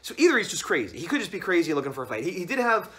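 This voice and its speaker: A man's voice: sits high, sing-song, racing, a bit bright. A man casually telling a long story on his vlog, rambling and acting out the other voices in it. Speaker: comic artist vlogger.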